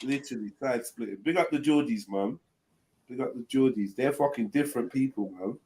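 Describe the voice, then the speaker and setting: A man's voice: medium pitch, a little fast, warm tone, slight background noise. A man from London hosting a live panel stream, chatting casually in a laid-back, slangy way, swearing freely and rambling. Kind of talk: casual chat.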